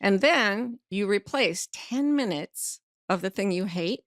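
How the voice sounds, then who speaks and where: A woman's voice: medium pitch, expressive, takes it slowly, dry recording, clean studio sound. A middle-aged woman sharing a personal story as a podcast guest, vividly acting out the voices she quotes, blunt and earthy. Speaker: guest author and life coach. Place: podcast studio.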